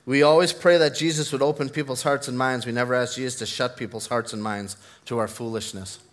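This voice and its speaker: A man's voice: mid-range voice, fairly even intonation, brisk. A man preaching a sermon, earnest and building to fervent emphasis, mixing in personal stories. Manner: tells personal stories with self-deprecating laughs.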